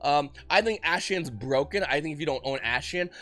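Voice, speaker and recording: A man giving excited, rapid market commentary as host of his channel, often restarting his sentences. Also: fairly high pitch, soft background music. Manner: talks fast when excited, frequent restarts. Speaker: trading card market commentator.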